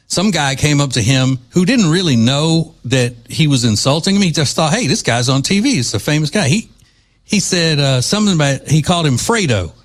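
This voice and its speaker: A man hosting a podcast, giving casual opinionated commentary in a mocking, sarcastic manner. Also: medium pitch. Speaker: podcast host.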